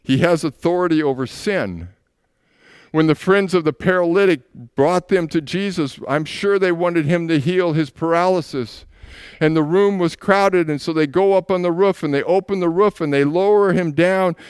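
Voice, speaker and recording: A man's voice: a little high, moderate pace, clean tone, dry recording, studio quality. A man preaching a sermon as pastor, retelling scripture scenes as stories and acting out the voices in them.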